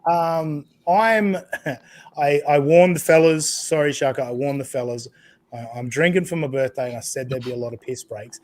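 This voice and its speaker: A man's voice: a little high, normal speed, slight background noise. An Australian man co-hosting a casual chat, laid-back and joking, swearing freely. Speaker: co-host.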